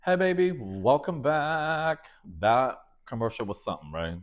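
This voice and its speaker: A man's voice: mid-range voice, sing-song, measured pace. Sassy campy man hosting a podcast. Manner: sassy, campy, laughs often, calls listeners baby and honey. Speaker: podcast host. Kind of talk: casual solo podcast monologue.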